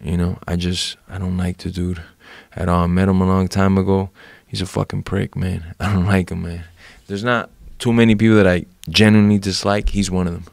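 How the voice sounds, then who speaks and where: Deep gravelly man, flat trash talk. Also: a little fast, no echo, studio quality. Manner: profane, blunt, hostile.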